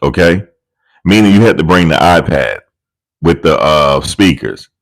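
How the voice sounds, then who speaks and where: Deep-voiced man telling rambling stories. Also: expressive, a little slow, creaky, rough recording. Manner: rambling, profane, amused storytelling. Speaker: commentary channel host. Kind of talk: casual celebrity commentary. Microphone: desk USB microphone.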